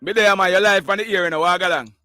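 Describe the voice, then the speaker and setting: A Jamaican man hosts a call-in show, slipping between patois and plain English and breaking into laughter. His voice sits high, and it is dry and close to the mic. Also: fast, sharp tone, no room sound. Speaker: live news show host taking callers. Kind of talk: casual call-in chat.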